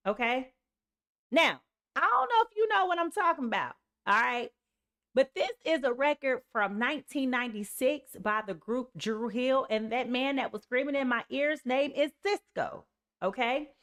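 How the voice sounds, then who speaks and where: A woman's voice: high voice, expressive, moderate pace, a bit bright. A woman reading tarot on a live stream in an emphatic, casual way, often saying "okay" and "y'all". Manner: sings snatches of songs and reads lyrics aloud. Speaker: tarot reader.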